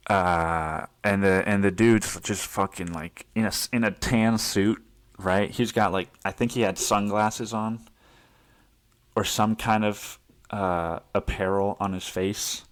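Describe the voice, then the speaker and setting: Low-voiced man rambling through a story. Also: fairly bright tone. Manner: rambling, laughs often, swears freely. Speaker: podcast host. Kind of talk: casual storytelling monologue.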